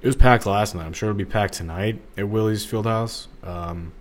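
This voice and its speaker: Man, young adult, from the St. Louis area, very low voice, rambling solo podcast chat, lots of fillers. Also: fairly even intonation, normal speed. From Missouri, St. Louis area. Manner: rambling, digressive, full of fillers and restarts. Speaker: podcast host.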